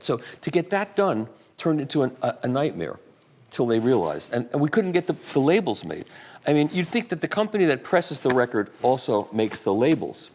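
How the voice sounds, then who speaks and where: Rambling anecdotal man in his 60s. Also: medium pitch. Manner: rambling, anecdotal, self-deprecating. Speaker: invited speaker. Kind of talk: casual talk with audience questions. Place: event room at a radio museum.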